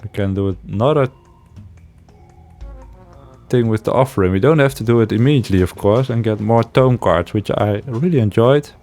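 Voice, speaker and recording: A man's voice: on the low side, moderate pace, long pauses, mellow, soft background music. A man giving casual let's-play commentary, thinking aloud with hesitations and frequent chuckles. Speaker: game streamer.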